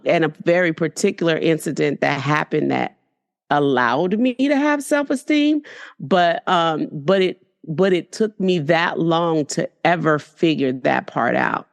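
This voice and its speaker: A woman's voice: sits low, gravelly. A middle-aged woman, an entrepreneur, talking candidly and earnestly about her life in an interview, often saying "you know". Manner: earnest, faith-filled storytelling with frequent "you know". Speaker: entrepreneur guest.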